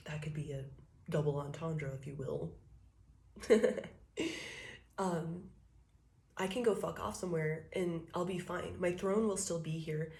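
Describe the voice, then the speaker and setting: A woman with a lowish voice reads tarot cards in a casual, rambling way. She swears freely, laughs often and slips into quoted voices as she explains each card. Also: unhurried, gravelly, long pauses, darkish tone. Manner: loose and profane, laughs often, acts out quotes. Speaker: tarot reader.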